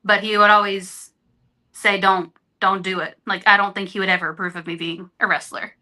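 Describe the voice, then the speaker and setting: A woman's voice: mid-range voice, steady tone, a little fast, pushed and bright. A woman guest on a podcast, speaking earnestly and openly in candid conversation. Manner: earnest, openhearted storytelling. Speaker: interview guest.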